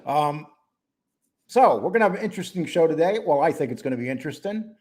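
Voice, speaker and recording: A man hosting a casual live-stream show, greeting chat viewers by name in a relaxed, rambling way. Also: fairly high pitch, fast talker. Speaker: host.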